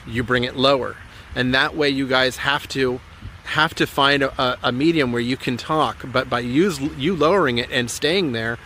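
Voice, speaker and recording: Male relationship coach with a bright, forceful voice and an earnest, encouraging delivery that hammers home each step; recorded outdoors with faint noise behind. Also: mid-range voice. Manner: earnest, encouraging, repeats key points. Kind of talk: motivational coaching talk to camera.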